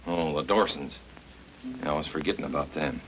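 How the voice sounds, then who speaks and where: A bright, insistent young Southern man. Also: a bass voice, normal speed, slight background noise, poor audio. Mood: pressing. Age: young adult. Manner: pressing, insistent. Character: determined young swamp-country man, stubborn. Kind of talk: 1940s film acting.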